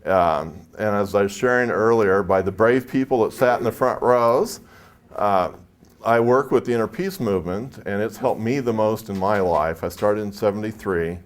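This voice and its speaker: A man's voice: on the low side, normal speed. A man from San Jose, California, telling a chatty, anecdotal story to a live audience as a speaker at a spiritual expo, acting out the dialogue.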